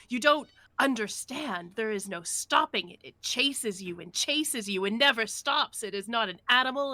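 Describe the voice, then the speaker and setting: Woman putting on a wild-eyed old sea dog, loud and raving, bright tone. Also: high-pitched, clean tone, dry recording, exaggerated voice. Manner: frantic, raving. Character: deranged old male sea dog sailor.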